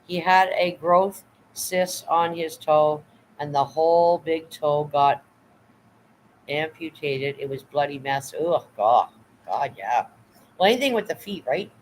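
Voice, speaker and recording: A man's voice: fairly high pitch, slow pace, slight background noise, poor audio. A tired man chatting casually on a livestream, rambling and blunt, swearing now and then while reading out chat. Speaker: vlogger reading live chat.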